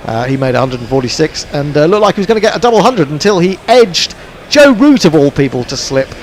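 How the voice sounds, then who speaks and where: A man doing relaxed ball-by-ball cricket commentary on an internet radio stream, chatty and dry, with plenty of fillers. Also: fairly high pitch, quick pace. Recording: faint background noise.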